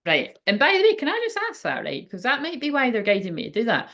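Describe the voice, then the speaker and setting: A woman with a fairly high, slightly bright voice and huge pitch swings talks quickly while hosting a psychic livestream from home. Her chat is loose, rambling and emotional, full of swearing and laughs, and she often trails off mid-sentence.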